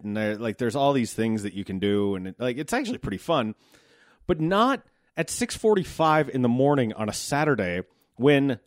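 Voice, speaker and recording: A man's voice: mid-range voice, no echo, clean studio sound. A man in his thirties from the United States, a podcast host talking casually about his day in a loose, wry, profane way. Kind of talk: casual monologue.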